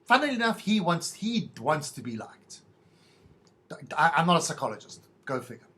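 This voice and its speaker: A man's voice: on the high side, big pitch swings, normal speed, fairly bright tone. A middle-aged man hosting a podcast, telling a rambling, self-mocking monologue in a wry, stop-start way. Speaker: podcast host.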